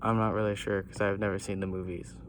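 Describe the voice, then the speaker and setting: An earnest wrestler mentor who speaks with solemn weight, as a man reading the story puts him on. The voice is lowish, with faint hiss behind it. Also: level tone, fast talker, natural voice. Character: solemn male wrestler mentor giving advice.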